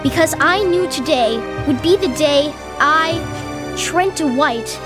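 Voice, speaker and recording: A woman voices an overdramatic schoolboy in a radio drama, gloomily narrating his doom in a high voice. Loud music plays right under the voice. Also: slow pace. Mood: gloomy. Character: anxious schoolboy, dramatic and self-pitying.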